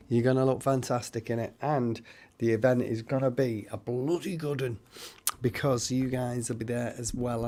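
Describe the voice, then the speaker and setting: A man's voice: medium pitch, dark tone. Man giving rambling psychic readings. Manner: rambling, addresses viewers by name. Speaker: psychic medium and live-stream host. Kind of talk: live-stream psychic readings.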